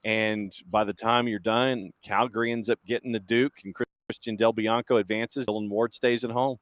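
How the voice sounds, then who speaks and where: A man giving measured, analytical commentary as a guest on a sports talk show. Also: fairly low pitch, fairly even intonation, no room sound, clean studio sound.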